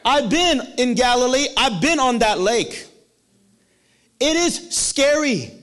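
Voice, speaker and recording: Lively high-pitched male preacher. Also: slow. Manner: animated, playful, acts out voices with laughter. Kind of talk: sermon.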